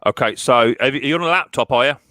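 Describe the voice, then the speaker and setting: A man hosting a casual live stream chat, rambling and halting, with many restarts and fillers. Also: medium pitch, pushed and bright, no echo, studio quality.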